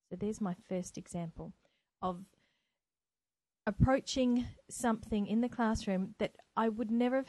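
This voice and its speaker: Woman teacher, podcast host, from New Zealand, earnest and eager, warm tone, close dry sound. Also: mid-range voice, no echo, low-quality recording. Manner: earnest, enthusiastic. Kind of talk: solo educational podcast. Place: home, by a window. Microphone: microphone.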